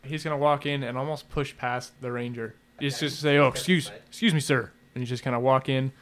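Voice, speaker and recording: A man's voice: medium pitch, steady tone, brisk, fairly bright tone. A man playing a tabletop western game, describing his character's actions and speaking his lines in an easygoing drawl. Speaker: player. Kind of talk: tabletop role-play, narration and in-character lines.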